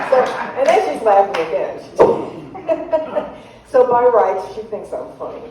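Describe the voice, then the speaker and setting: A woman's voice: medium pitch, lively intonation, slow, pauses often. A woman comedian telling chatty, self-deprecating stories to a live audience, laughing at her own jokes. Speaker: guest comedian. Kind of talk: comedic storytelling. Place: church hall with live audience. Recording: echoey hall, distant mic, faint noise.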